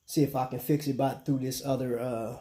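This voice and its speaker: A man's voice: medium pitch, little pitch movement, fairly quick, mellow. A man hosting a casual live stream, talking loosely with his viewers and throwing "man" and "bro" into most lines. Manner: laid-back slang, chatting with viewers, often saying "man".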